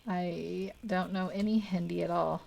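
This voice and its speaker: A woman's voice: lowish voice, steady tone, measured pace, gravelly, a little mellow, a little hiss or hum. A young woman hosting a live art stream, chatting casually and rambling while she paints, laughing often and poking fun at herself. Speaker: art livestream host.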